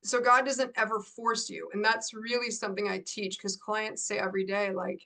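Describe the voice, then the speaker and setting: A middle-aged woman coach, a guest in an interview, telling a story in lively bursts and laughing often. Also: mid-range voice, moderate pace, creaky, few pauses.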